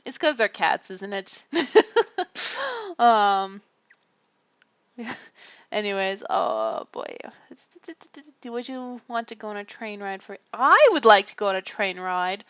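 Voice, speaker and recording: A woman's voice: medium pitch, sing-song, takes it slowly, long pauses, fairly bright tone, no room sound. Chatty woman streamer, muffled dry mic. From Canada. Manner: chatty, rambling, self-deprecating, frequent laughs. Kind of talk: casual livestream chat. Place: home room.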